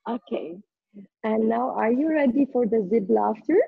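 A woman's voice: fairly high pitch, moderate pace, creaky, husky, dry recording, phone-quality sound. A woman leading a group laughter yoga session over a video call, laughing often and encouraging everyone cheerfully.

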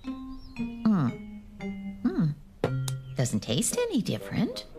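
An actress playing a fond older grandmother in a cartoon, gentle and mildly chiding. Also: fairly high pitch, huge pitch swings, extremely slow, heavily acted. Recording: cartoon soundtrack with music.

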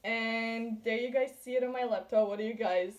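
A woman's voice: a little high, fairly even intonation, normal speed, lo-fi sound. Giggly woman host. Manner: giggly, chatty, swears casually. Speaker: YouTube host. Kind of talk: casual chat.

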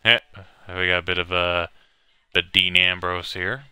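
A man's voice: low-pitched, flat delivery, a little slow, bright, forceful tone, smooth, no room sound. A man giving casual let's-play commentary, hesitating with many fillers and reading on-screen text aloud. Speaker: gamer playing a video game.

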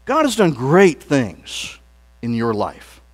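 A man's voice: medium pitch, huge pitch swings, slow pace. A man preaching a sermon in a church, earnest and emphatic, leading the congregation in spoken declarations. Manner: leads the congregation in call-and-response declarations; earnest preaching with emphatic rises and soft trailing phrase endings. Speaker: pastor. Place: church sanctuary.

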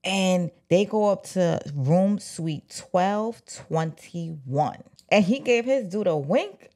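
A woman casually retelling an old scandal from a book, animated and slangy, talking straight to her viewers. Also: fairly low pitch, slow pace. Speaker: book commentator. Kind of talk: casual storytelling.

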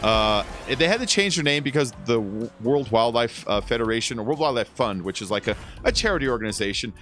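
A man's voice: medium pitch, animated, fairly quick, fairly bright tone, soft background music. A man in his thirties livestreaming a game from home, chatting casually and rambling, swearing now and then. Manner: rambling, laid-back, swears often. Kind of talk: casual livestream chat while gaming.

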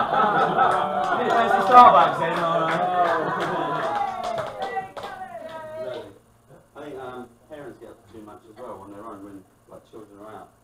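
A man's voice: a little high, big pitch swings, takes it slowly, over a noisy crowd, heavy background noise. A man doing a crude, wry stand-up set and hosting the show, mocking people in quoted voices. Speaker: stand-up comedian and show host. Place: live comedy venue, echoey room with loud music. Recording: echoey live room, distant mic, loud music.

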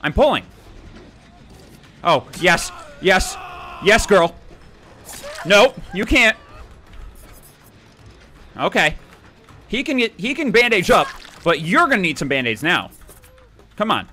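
Young male let's-player, bright and animated, gleefully taunting and yelling. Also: high voice, measured pace, pauses often, faint music behind. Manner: playful taunting, excitable outbursts. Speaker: gaming YouTuber. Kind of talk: let's play commentary.

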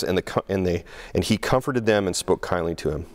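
Middle-aged guy preaching, lowish voice, chatty and animated, trips over his words a lot. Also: brisk. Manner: conversational, animated, repeats words and restarts often; acts out quoted speech with raised pitch. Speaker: pastor. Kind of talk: sermon.

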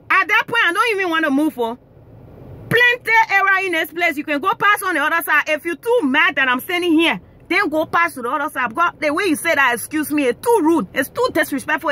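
A woman from Africa ranting in a casual monologue, animated and indignant, often repeating herself. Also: high-pitched.

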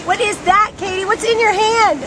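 A woman's voice: very high voice, fairly even intonation, moderate pace. A middle-aged woman and mother chatting casually and animatedly in a family vlog. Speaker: vlogger and mother. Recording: loud background noise.

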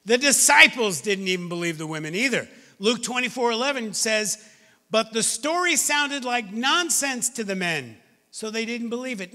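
Male pastor, high and bright voice, lively sermon delivery, church hall reverb. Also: moderate pace. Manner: lively preaching with scripture readings and asides. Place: church sanctuary.

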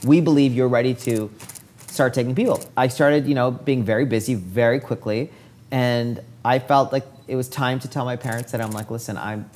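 A man's voice: medium pitch, moderate pace, a little hiss or hum. A man in his forties, a hair stylist telling his career story in a casual interview, acting out what people said along the way. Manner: lively storyteller who acts out quoted dialogue.

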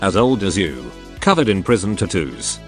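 A nervous, polite young runner, voiced by a synthetic male reader. The pitch sits low but leaps around in a lively way. Soft music hums in the background. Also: moderate pace.

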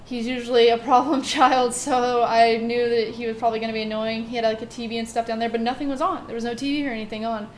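A woman's voice: fairly high pitch, little pitch movement, fast talker, hardly any pauses, slight background noise. Rambling woman telling a ghost story. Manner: rambling, heavy on filler words and restarts. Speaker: gaming channel host. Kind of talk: casual spoken ghost story.

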